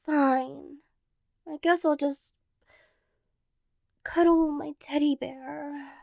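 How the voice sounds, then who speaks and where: A woman's voice: sits high, fairly even intonation, very slow, gravelly, a little mellow, no room sound, full character voice. A young woman voicing a playful, clingy girlfriend in a role-play audio, teasing and playfully dramatic, close to the mic.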